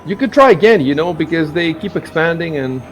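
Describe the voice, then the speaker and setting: A man hosting a live game stream in casual chat, rambling and halting, with frequent restarts. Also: a little high, expressive, faint music behind. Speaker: stream host.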